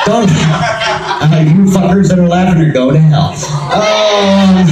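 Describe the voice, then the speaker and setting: A man's voice: high voice, far from the mic. A man from the US East Coast doing a rambling stand-up set, interrupting himself and laughing at his own jokes. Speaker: stand-up comedian. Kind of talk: open-mic stand-up set. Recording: echoey venue, mic from afar.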